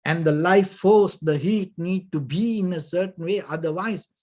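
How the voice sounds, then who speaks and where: A man, a Buddhist monk, giving a dhamma talk, halting and searching for words, often saying "you know", with gentle, patient explanation. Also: high voice. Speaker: Buddhist monk teaching meditation.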